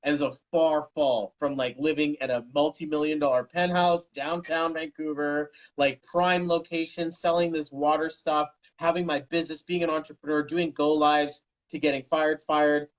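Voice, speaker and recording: A man's voice: a little high, little pitch movement, normal speed, few pauses, low-quality recording. A man in his thirties, an interview guest, telling his own story in a frank, rambling way and acting out what people said. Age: 30s. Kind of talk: candid personal storytelling.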